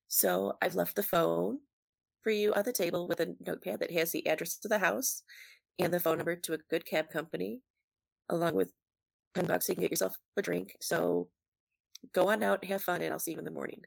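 A woman's voice: lowish voice, fairly even intonation, fairly quick, creaky, no echo. A woman in her early twenties casually telling a personal story, chatty and full of "like", acting out what people said. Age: early 20s. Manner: chatty, lots of "like", acts out quotes.

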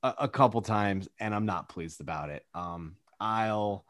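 A man's voice: fairly low pitch, unhurried, no echo, studio quality. A young man in casual chat as a podcast co-host, telling stories animatedly and acting out quotes. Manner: animated storyteller, acts out quotes.

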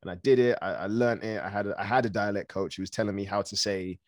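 A man from Africa, an actor guest, telling stories in a lively, casual way, laughing often and swearing now and then. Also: lowish voice, fast talker, no room sound, studio quality. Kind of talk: casual storytelling.

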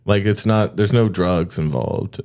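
A man's voice: sits low, unhurried, a little mellow, a little hiss or hum. A man co-hosting a comedy podcast, joking and profane in casual chat. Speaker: podcast co-host.

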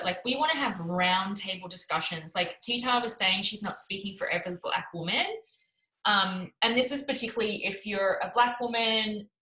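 A woman's voice: medium pitch, pushed and bright, echoey room, poor audio. A woman co-hosting a casual live chat, upbeat and chatty with many fillers. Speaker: co-host.

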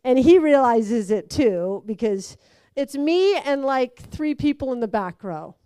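Young woman, lively storyteller, smooth clear voice, slightly high, dry close sound. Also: measured pace, dry recording. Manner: lively, acts out quoted voices, laughs through it. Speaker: speaker telling a personal story. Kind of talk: animated personal storytelling.

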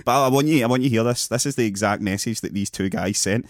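A man's voice: lowish voice, fast talker, dry recording, studio quality. A man co-hosting a podcast, laid-back and sweary in casual banter. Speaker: podcast co-host.

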